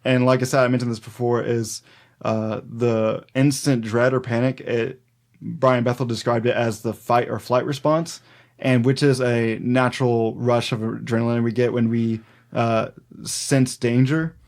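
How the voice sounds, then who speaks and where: A man's voice: medium pitch, level tone, unhurried, darkish tone. A man co-hosting a folklore podcast in casual chat, rambling with many fillers and easy laughs. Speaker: podcast co-host.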